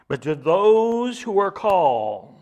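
A man's voice: high-pitched, big pitch swings, slow, darkish tone. A man preaching an expository sermon, emphatic, acting out mocking voices as he reads.

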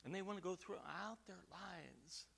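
High bright-voiced preacher, emphatic. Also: male voice, creaky, husky. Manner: preaching with emphatic slow stresses and big swings in loudness. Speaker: pastor. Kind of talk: sermon.

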